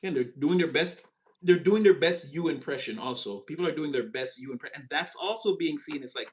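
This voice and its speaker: A man giving a casual, animated tarot reading, chatty and expressive and quick to laugh. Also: a little high. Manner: animated, chatty, swings into voices, laughs often. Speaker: tarot reader.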